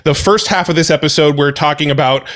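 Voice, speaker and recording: A man's voice: a little high, fast talker, fairly bright tone. A man co-hosting a podcast from home, chatty and loose, with lots of filler phrases. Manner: chatty, lots of "like" and "you know". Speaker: podcast co-host. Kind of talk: casual chat. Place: at home, recording remotely.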